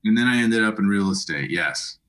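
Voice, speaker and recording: A middle-aged apartment broker, appearing as a guest in a casual interview, tells his story in a lowish, expressive, fairly bright voice at a slightly fast pace. He often restarts and repeats words along the way.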